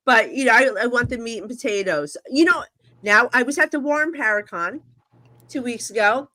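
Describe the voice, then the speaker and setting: Bright, lively woman telling stories. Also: fairly high pitch. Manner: animated, acts out dialogue with quick asides. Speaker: psychic medium guest. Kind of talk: storytelling in a casual interview.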